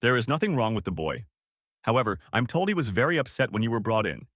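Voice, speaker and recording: A man voicing a calm male hospital doctor who speaks in a matter-of-fact way. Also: mid-range voice, fast, no echo, studio quality.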